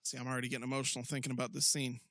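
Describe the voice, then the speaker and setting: A man's voice: mid-range voice, monotone, rapid-fire, a bit bright, dry recording, clean studio sound. A man co-hosting a casual wrestling podcast, joking and laughing often. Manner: joking, playful, prone to laughing. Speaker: podcast co-host.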